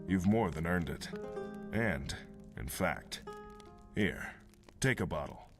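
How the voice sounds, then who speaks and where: A grateful tavern keeper. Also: male voice, low voice, expressive, takes it slowly, heavily acted. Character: friendly male tavern keeper. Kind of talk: video game dialogue. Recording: game audio with guitar music.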